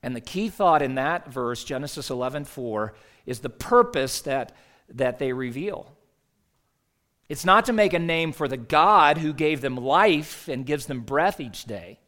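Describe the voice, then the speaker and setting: A man's voice: on the high side, animated, a little slow, fairly bright tone. A man delivering a sermon as a pastor, conversational, asking rhetorical questions and reading scripture aloud.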